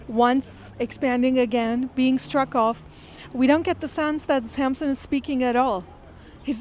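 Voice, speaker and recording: A woman with a slightly high voice reads a classic text aloud, stopping often to unpack it. Her delivery is earnest and thoughtful, with a faint hum of noise underneath. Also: darkish tone. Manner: earnest, thoughtful, pausing to explain. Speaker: literature lecturer. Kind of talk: reading aloud with close-reading commentary.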